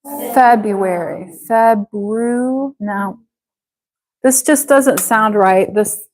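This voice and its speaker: A woman's voice: on the high side, darkish tone, rough recording. A woman teaching a live online English class, speaking patiently and drawing out words to model how they sound. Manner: patient, slow, stretches out words to model pronunciation.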